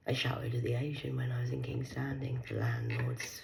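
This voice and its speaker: Woman vlogging solo, rambling and foul-mouthed, dropping to whispers then flaring loud. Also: very deep voice, very animated, moderate pace, vocal fry, rough recording. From Cornwall, England. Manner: profane, rambling, veers between hushed whispers and loud outbursts. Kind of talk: rambling solo monologue to camera.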